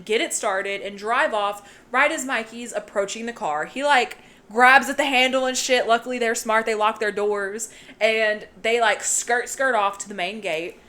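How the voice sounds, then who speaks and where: A woman co-hosting a podcast casually recaps a horror movie, swearing and joking a lot. Her voice is fairly high, pushed and bright, and she laughs while retelling the plot with put-on quotes.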